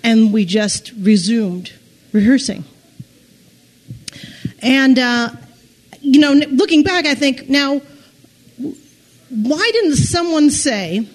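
A woman tells a personal story aloud in a fairly high voice. She speaks haltingly, starting sentences over and over and breaking into small nervous laughs. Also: expressive.

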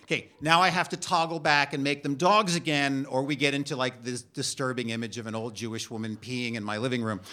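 A middle-aged man telling a funny personal story on stage, halting and self-deprecating with frequent restarts. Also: a little high, fairly bright tone.

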